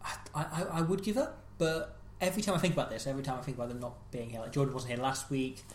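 A man co-hosting a comedy podcast, bantering with deadpan, playful jokes. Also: medium pitch, quick pace, a little hiss or hum. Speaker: podcast co-host. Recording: echoey room.

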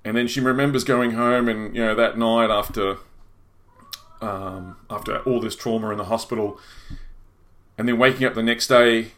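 A man's voice: fairly low pitch, fairly even intonation, a bit bright, slight background noise. Rambling man telling a strange story. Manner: rambling, halting with restarts and fillers. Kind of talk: casual storytelling chat.

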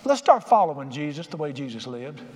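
Very animated and a little fast, an older pastor with a fairly high, slightly mellow voice delivers a sermon in a church sanctuary. His style is folksy and conversational with quotes acted out in plain voices, captured in a reverberant hall with faint ambience.

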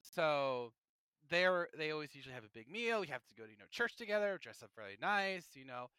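A man co-hosting a gaming podcast in a casual, opinionated ramble. His voice sits a bit high and rings bright and smooth. The recording is close and dry, with no room sound. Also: fairly quick, dry recording. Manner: chatty, opinionated, animated asides. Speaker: podcast host.

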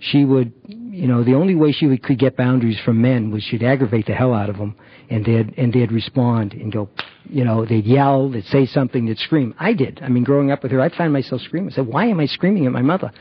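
A middle-aged man giving a halting personal testimony about recovery, full of fillers and restarts. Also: medium pitch, muffled recording, a little hiss or hum. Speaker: recovery program member.

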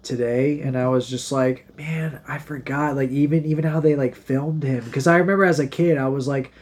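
A man co-hosting a podcast, chatting casually with quick enthusiastic interjections. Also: medium pitch, fairly even intonation, a little mellow. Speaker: podcast co-host. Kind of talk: casual chat.

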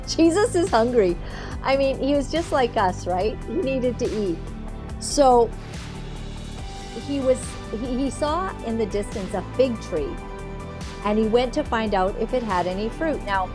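A woman talking casually to her audience and reading scripture, chatty and animated, acting out quotes in playful voices. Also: a little high. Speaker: online commentator and preacher.

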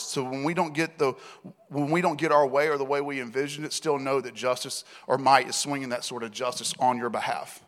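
Animated preacher man in an echoing hall. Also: mid-range voice. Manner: animated storyteller acting out dialogue, laughing often. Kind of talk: sermon storytelling. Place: church hall. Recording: reverberant hall.

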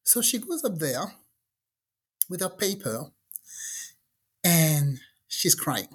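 A woman telling a personal story in casual chat, acting out what people said with lively energy. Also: deep voice, takes it slowly, breathy edge. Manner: animated storyteller, acts out quotes.

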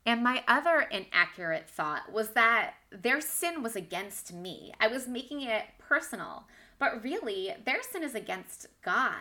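A woman delivers a devotional teaching talk in a bright, clear-toned voice. She speaks candidly and conversationally, often laughing at herself. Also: on the high side. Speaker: Bible teacher for Christian moms.

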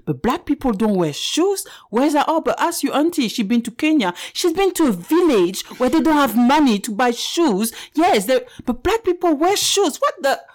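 A woman from France in her forties, speaking English with a French accent as a podcast guest, frank and animated. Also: high-pitched, moderate pace, few pauses. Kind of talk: candid podcast conversation.

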